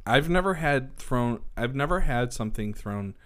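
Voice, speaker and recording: Man, mid-range voice, relaxed podcast co-host, short easygoing replies, casual chat. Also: mid-range voice, moderate pace. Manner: laid-back, short agreeing replies.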